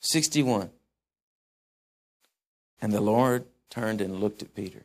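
A man's voice: medium pitch, lively intonation, slow pace, pauses often. A man preaching a sermon in a conversational way, musing aloud and often correcting himself.

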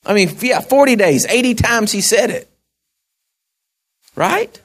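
A man's voice: high-pitched, animated, takes it slowly, fairly bright tone. A man preaching a sermon in a folksy way, with asides to the congregation. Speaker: pastor.

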